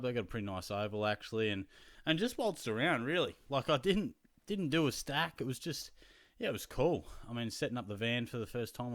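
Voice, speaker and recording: A man's voice: medium pitch, fairly bright tone, no room sound. Chatty young Australian man, dry sound. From Geelong, Australia. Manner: chatty, rambling storyteller with lots of fillers. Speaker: fantasy football show host. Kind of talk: casual chat to viewers.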